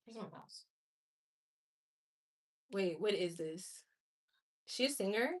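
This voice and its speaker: A woman with an animated, mid-range voice is live streaming, chatting casually and giving candid reactions to viewer comments. She's chatty and open, breaking into quick laughs and exclamations.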